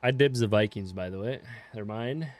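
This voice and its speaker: A young man casually chatting with viewers while playing a farming game, relaxed and swearing offhandedly. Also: fairly low pitch, normal speed, slight background noise. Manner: laid-back, swears casually, greets viewers by name. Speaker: game streamer. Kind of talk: casual live-stream chat while playing.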